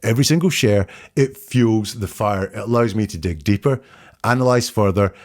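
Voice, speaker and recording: A man hosting a solo commentary show, quoting interview lines back and picking apart the wording in a measured, analytical way. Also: on the low side, darkish tone. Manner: measured, analytical, quotes lines back then dissects them. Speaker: host analyzing interview language. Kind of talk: solo commentary, breaking down quotes.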